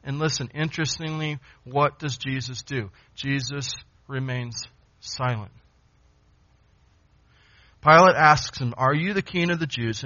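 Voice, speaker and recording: A man's voice: medium pitch, bright, forceful tone. A man preaching an expository sermon, emphatic, repeating phrases and asking rhetorical questions. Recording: dull lo-fi sound.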